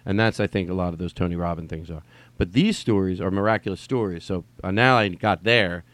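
A man's voice: sits low, a little fast, fairly bright tone, no room sound. Rambling man on a dry close mic. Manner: rambling, swearing, mimics texts in sing-song voice. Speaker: podcast host. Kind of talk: casual rambling podcast monologue.

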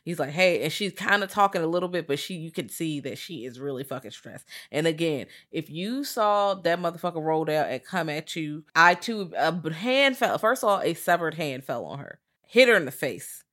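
A woman co-hosting a podcast, retelling a movie scene by scene in a casual, profane, animated way. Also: low-pitched, moderate pace. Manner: animated, profane storytelling with voiced quotes. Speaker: podcast co-host. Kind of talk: casual chat recapping a movie.

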